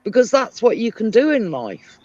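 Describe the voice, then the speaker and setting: A British woman chatting casually on a live stream, telling animated stories. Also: fairly high pitch, normal speed. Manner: animated storyteller, lively voice. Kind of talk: casual chat. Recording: dry, dull lo-fi stream audio.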